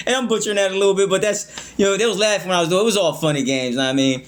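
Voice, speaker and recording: A man's voice: on the high side, racing, few pauses. A man hosting a music reaction video, talking casually and rambling. He often stumbles over his words and keeps adding "you know what I mean".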